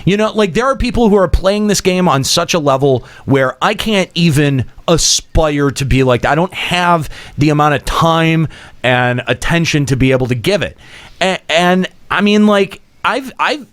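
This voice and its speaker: A man's voice: a little high, animated, normal speed, a bit bright. A man hosting a casual gaming podcast, thinking aloud in long winding sentences and swearing casually. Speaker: podcast host leading the discussion. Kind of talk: casual panel chat.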